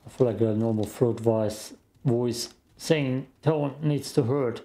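A man's voice: mid-range voice, a little slow, dark tone, a little hiss or hum. A man hosting a let's play, giving casual gaming commentary with joking, rambling asides to his viewers.

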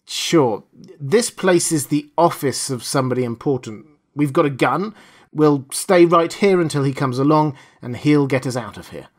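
A man's voice: on the high side, normal speed, close to an everyday voice. A man playing a desperate, grim man holding others at gunpoint, blunt and threatening, in an audiobook reading. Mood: determined.

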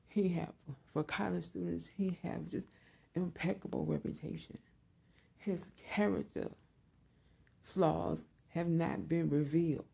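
A woman's voice: on the low side, vocal fry, warm tone, breathy edge. A woman hosting her own online show, giving a blunt, profane opinion monologue and repeating her points.

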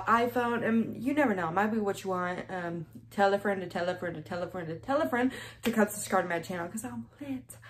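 A young woman hosting a casual mukbang vlog at home, chatty and hyping her channel, now and then tripping over her words. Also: medium pitch. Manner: chatty, hypes subscribing, trips over words. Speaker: vlogger. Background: child in the background.

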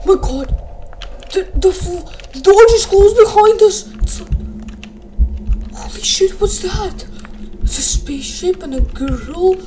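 A young woman with a very high, girlish voice reacts to a horror game in breathless, frightened bursts. She talks slowly and drawn out, and a steady hiss of noise sits under her voice. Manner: excitable, squealing and gasping, breathless frightened exclamations. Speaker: gaming video creator. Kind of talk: playing a horror game for viewers.

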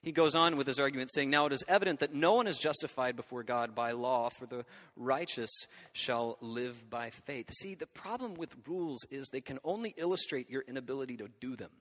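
A man in his thirties, a pastor delivering a lively, conversational sermon and often checking in with his listeners. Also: medium pitch, fairly quick, hardly any pauses. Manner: animated, conversational preaching with frequent check-ins to the audience. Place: church hall. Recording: hall reverb.

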